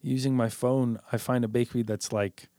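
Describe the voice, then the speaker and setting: A man in a relaxed chat, winding through a story with lots of filler and quoted asides. His voice sits at an ordinary middle pitch. The sound is dry and close, with no room around it. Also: normal speed, dry recording. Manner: rambling, lots of "like" and "I was like".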